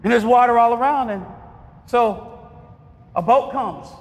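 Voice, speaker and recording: A man preaching a sermon, asking the congregation to finish his lines and breaking into shouts. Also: very high voice, measured pace. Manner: call-and-response questions, bursts of shouting. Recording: long reverb of a large hall.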